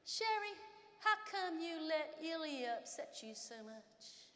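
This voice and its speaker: A woman voicing a calm female teammate and mentor who asks gentle questions. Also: very high-pitched, slow pace, pitched above the performer's own voice, heavily acted. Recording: long hall reverb.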